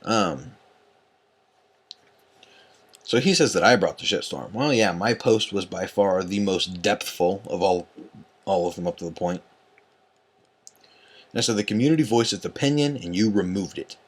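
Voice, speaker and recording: A man's voice: low-pitched, normal speed, husky. A tired man ranting late at night as an online group admin, angry and profane, rambling with many fillers. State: tired and yawning.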